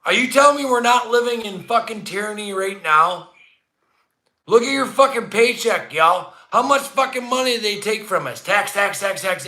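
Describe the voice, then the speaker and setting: A man hosting a casual livestream from his home, ranting with heavy swearing and swinging from low grumbles to shouts. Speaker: livestream host. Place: indoor room at home, not the barn. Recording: echoey room.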